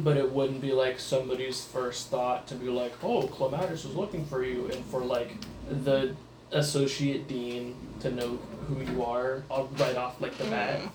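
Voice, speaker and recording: A man's voice: mid-range voice, flat delivery, a little slow, darkish tone. Casual, hesitant male game master, roomy echo, audible background noise. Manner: casual, hesitant, many fillers. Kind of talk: running a tabletop game. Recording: echoey room with background noise.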